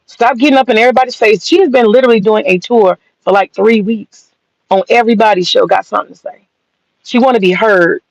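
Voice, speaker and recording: Talking fast in a slightly high voice, this woman from the American South delivers a profane opinion rant full of blunt mockery and sass. The recording has no echo and a dull lo-fi quality.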